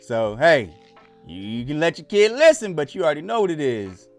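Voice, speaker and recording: Animated man ranting on a live stream. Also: a little high, a little fast, no echo, soft background music. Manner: animated, laughing, swearing, loud whoops. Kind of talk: casual live reaction stream chat.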